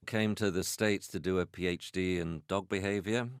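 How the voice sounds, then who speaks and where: A man, a veterinarian and dog trainer, answering interview questions in a blunt, animated way. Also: low-pitched, moderate pace, clear, resonant tone, no room sound, clean studio sound. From England.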